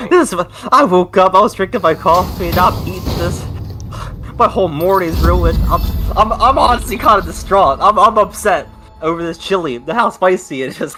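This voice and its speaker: A man's voice: high voice, animated, moderate pace, over music. A young man chatting casually, telling a profane, rambling story full of fillers. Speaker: streamer. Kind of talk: casual chat. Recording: noisy background.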